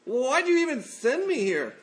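A man voicing an exasperated male prophet who complains to God in a whiny, high-pitched voice. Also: wildly swooping pitch, a little slow, full character voice.

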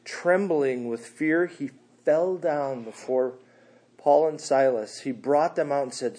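A man preaching a sermon, his voice sitting a bit high for a man. He talks in a casual, slangy way, dropping into quiet asides and then climbing into loud, animated bursts. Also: slow.

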